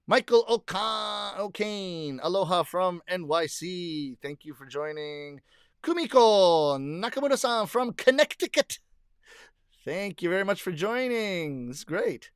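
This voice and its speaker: A man's voice: sits high, lively intonation, measured pace, clean tone, dry recording, studio quality. A middle-aged man hosting a livestream, casually chatting and reading viewer comments aloud, laughing often.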